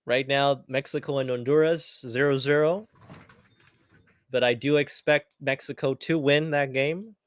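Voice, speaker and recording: A man's voice: medium pitch, steady tone, unhurried, no room sound, studio quality. A man hosting a live football watchalong, reacting eagerly and chatting casually, often repeating his phrases. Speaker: watchalong host. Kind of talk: live match commentary watchalong.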